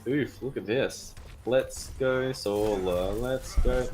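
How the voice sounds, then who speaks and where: A man casting a live esports match, chatty and excitable, breaking out in sudden cheers. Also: medium pitch, slow pace. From Australia. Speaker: esports caster. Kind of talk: live esports play-by-play commentary.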